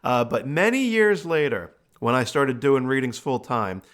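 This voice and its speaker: A man who works as a medium, hosting a show and telling a personal story in a relaxed, chatty way with plenty of uh and you know. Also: mid-range voice, measured pace. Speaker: host and medium. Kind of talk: casual storytelling.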